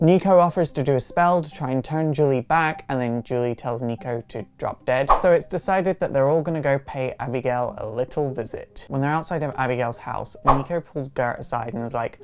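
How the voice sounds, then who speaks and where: A woman hosting her own show, casually recapping a comic story in an animated way. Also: extremely low pitch, slight background noise. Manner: animated retelling with quick character voices. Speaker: host.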